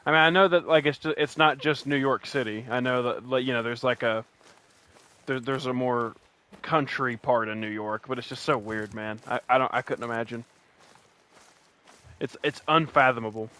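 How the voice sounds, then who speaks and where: A man's voice: medium pitch, moderate pace, bright, forceful tone, clean tone. A man from West Virginia with a West Virginian accent, giving rambling, joking commentary while he streams a hunting game. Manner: rambling, joking, many restarts. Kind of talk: casual gameplay commentary.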